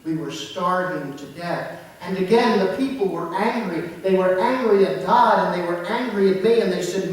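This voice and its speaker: A man preaching a first-person dramatic sermon in the voice of Moses, slow and storytelling, with hushed drops. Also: high-pitched. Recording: roomy echo from far off.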